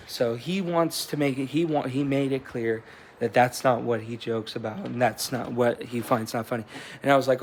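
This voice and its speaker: A man's voice: mid-range voice, steady tone, moderate pace, a little hiss or hum. A man in his twenties talking casually to the camera in a vlog. He tells a loose, rambling story with frequent swearing and restarts. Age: 20s. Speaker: vlogger. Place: indoors at home, with a cat.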